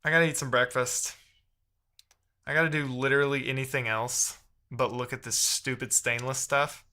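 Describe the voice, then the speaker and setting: A man's voice: medium pitch, fairly even intonation, moderate pace, bright, forceful tone. A man live-streaming while he codes, talking casually and reading the chat aloud in a frustrated, muttering way.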